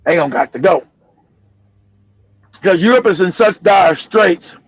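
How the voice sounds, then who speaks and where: A man's voice: high-pitched, animated, measured pace, slightly rough, rough recording. A man hosting a political commentary livestream, talking bluntly and profanely and laughing often. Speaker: livestream host.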